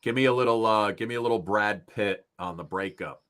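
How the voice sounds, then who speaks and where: A man co-hosting a talk show, energetic and quick to restart his sentences. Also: lowish voice. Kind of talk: casual talk show interview.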